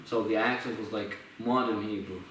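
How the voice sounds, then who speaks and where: A young man with an Israeli accent, a musician talking in a reflective, halting way with many restarts. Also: on the low side, steady tone, fairly bright tone. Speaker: musician sharing his story. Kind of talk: casual conversation. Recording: echoey room, from far off, faint noise.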